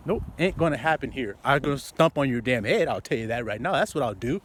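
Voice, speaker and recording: A man preaching loosely and profanely outdoors, swinging from muttering to loud outbursts. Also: mid-range voice, expressive, fast talker, hardly any pauses, a little hiss or hum. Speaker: street preacher.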